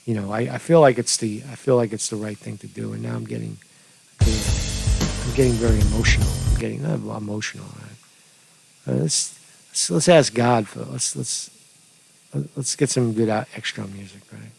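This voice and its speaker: A man's voice: lowish voice, lively intonation, moderate pace, creaky, over music. A man hosting an informal commentary stream, rambling with many restarts and fillers. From New York. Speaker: news commentary host. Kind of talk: casual livestream commentary. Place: home studio.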